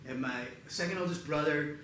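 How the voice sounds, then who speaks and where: A man performing live storytelling comedy in a theater, animated and acting out other people's voices in loud bursts. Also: a little high, normal speed, slight background noise. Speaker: comedian performing a one-person show. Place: theater stage before a live audience. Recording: echoey theater with audience ambience.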